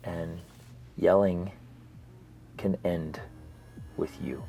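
Low, steady, creaky and husky, a man's voice moves very slowly as he hosts a casual podcast as a family coach. His storytelling is earnest, and he sinks into soft, almost whispered emphasis when making key points.

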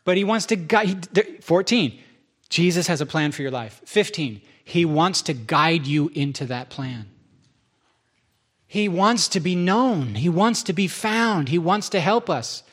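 Man, pastor, sermon, higher-pitched voice, joking asides, repeats points. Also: lively intonation, measured pace, a bit bright. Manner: joking, self-deprecating asides; enumerating points, repeating for emphasis.

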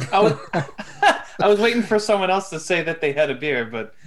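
A man's voice: a little high, big pitch swings, moderate pace. Easygoing man chatting about beer. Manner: easygoing, rambling, hesitant with ums. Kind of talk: casual chat among friends.

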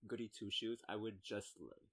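A man's voice: on the low side, moderate pace, a bit bright. A man in his twenties co-hosting a podcast, chatting casually about a book with playful, wry asides. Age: 20s. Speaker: podcast co-host. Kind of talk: casual book-discussion chat.

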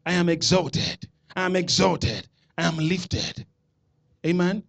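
A man with a Nigerian accent preaching a sermon, calling out to the congregation and building to shouted declarations. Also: high-pitched, slow, creaky. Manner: preaching with call-and-response, rising to shouts. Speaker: pastor.

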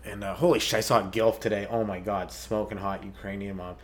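A Canadian man in his thirties, a stand-up comedian riffing through a rambling comedic monologue and slipping into quick put-on voices for the people in his stories. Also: on the low side, steady tone. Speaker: stand-up comedian hosting a podcast.

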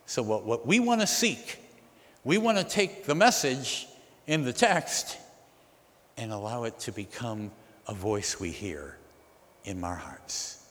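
A man's voice: medium pitch, takes it slowly, pauses often. A man preaching a sermon as pastor, asking his listeners questions and acting out what they might say. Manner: animated, asks the congregation questions. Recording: long reverb of a large hall.

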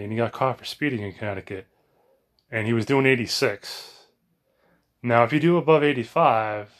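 A man's voice: on the low side, a bit bright. An American man rambling in a casual monologue at home, sweaty from exercise, full of fillers and restarts. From United States. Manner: chatty, meandering, frequent fillers and restarts. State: sweaty and warmed up after exercise. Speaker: vlogger. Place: home bedroom.

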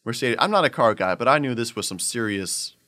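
A man telling a long story in casual chat, animated and laughing often as he acts out the voices of the people in it. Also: mid-range voice, fairly quick, noisy background. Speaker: podcast host telling a story.

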